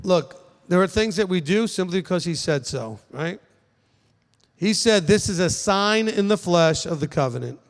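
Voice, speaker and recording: A man's voice: high voice, animated, normal speed, big-room sound. A man teaching as a rabbi, speaking casually to a congregation and often checking in with "okay?". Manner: conversational, frequent "okay?" check-ins, emphatic. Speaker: rabbi answering questions.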